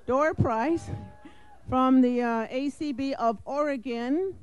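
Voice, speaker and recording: A woman's voice: high-pitched, steady tone, measured pace, darkish tone, clear, resonant tone, muffled recording, soft background music. A woman announcing door prize winners at a live event, laughing and stumbling over her words.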